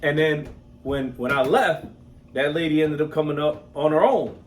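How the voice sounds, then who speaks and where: A man in his thirties giving a casual motivational talk, energetic, often asking "you know what I'm saying?". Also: a little high, normal speed. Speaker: motivational host.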